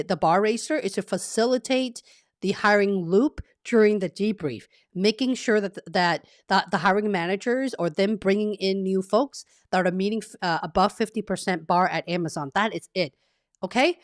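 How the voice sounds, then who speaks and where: A woman's voice: mid-range voice, normal speed, dry recording. Woman, live-stream career coach, chatty and upbeat, mid-range voice, dry close sound. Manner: chatty and upbeat, with frequent "okay?" check-ins. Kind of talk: casual live-stream coaching, reading chat aloud.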